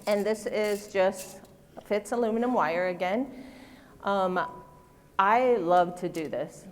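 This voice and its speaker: A middle-aged woman giving a live floral design demonstration on stage, chatty and self-deprecating, joking with her audience. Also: lowish voice. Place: stage in a large convention hall. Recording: long hall reverb.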